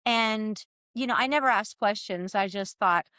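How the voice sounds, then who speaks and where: A woman in her sixties from the US East Coast, telling animated stories as a guest in a casual chat and laughing often. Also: medium pitch, normal speed, smooth, no room sound, studio quality.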